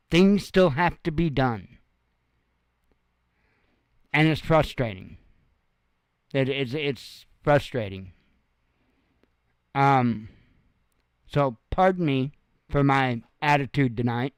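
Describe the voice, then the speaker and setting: A man's voice: medium pitch, slow, long pauses, smooth, no echo. A tired, sore man speaking frankly in a rambling casual monologue, swearing freely. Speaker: host.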